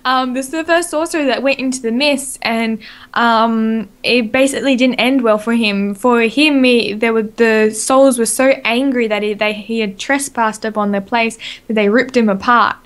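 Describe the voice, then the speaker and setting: A woman's voice: fairly high pitch, fairly even intonation, normal speed. An Australian woman hosting a casual gaming podcast, chatty and rambling, with lots of fillers and self-corrections. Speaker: podcast host.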